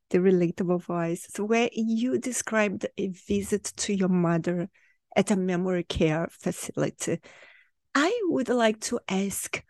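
Female podcast host, very slow and measured, polite questions, dry close sound. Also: mid-range voice, a little mellow, dry recording. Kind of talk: interview questions.

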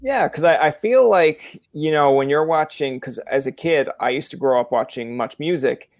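A man's voice: fairly high pitch, moderate pace, no echo. A man with a Newfoundland accent hosting a casual interview, rambling through chatty stories and slipping into playful quoted voices. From Newfoundland, Canada. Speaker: podcast host.

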